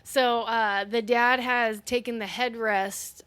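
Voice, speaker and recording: A woman's voice: on the high side, steady tone, takes it slowly, a loud crowd. A woman co-hosting a casual movie review, rambling through a plot recap with lots of swearing and fillers. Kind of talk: casual chat recapping a film.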